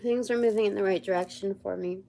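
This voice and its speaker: A woman giving a livestreamed tarot reading in a slow, meandering way, pausing often and searching aloud for words. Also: medium pitch, steady tone, vocal fry, mellow. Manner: slow and meandering, many pauses and fillers. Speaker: tarot reader and channeler. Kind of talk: livestreamed spiritual card reading.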